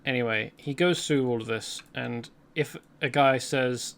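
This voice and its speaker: A man's voice: mid-range voice, fairly even intonation, fairly quick, vocal fry, few pauses, a bit bright. A man hosting a let's play, rambling chattily through gameplay commentary and correcting himself as he goes.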